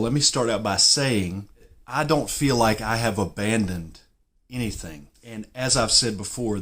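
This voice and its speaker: A man's voice: lowish voice, fairly bright tone. A man with a Southern US drawl hosting his own golf channel, explaining himself in a rambling, self-deprecating way. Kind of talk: casual explainer monologue.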